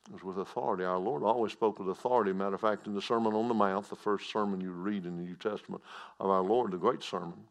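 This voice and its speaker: Gravelly male preacher, hushed to booming. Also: fast talker. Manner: folksy preaching with repetition and swings from hushed to loud. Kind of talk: sermon.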